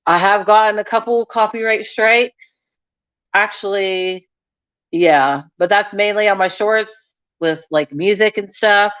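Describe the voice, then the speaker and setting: A smooth, mid-range, slightly bright voice belongs to a young adult woman who speaks slowly. She hosts a YouTube channel and is chatting casually live with viewers, frank and scattered, laughing frequently. Dull lo-fi sound.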